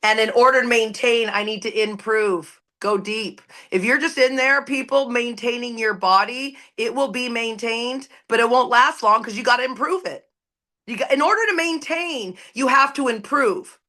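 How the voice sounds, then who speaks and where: At an online recovery meeting, a Canadian woman gives an impassioned, preachy share full of blunt, profane emphasis. She speaks on the high side at a moderate pace, and her voice sounds pushed and bright.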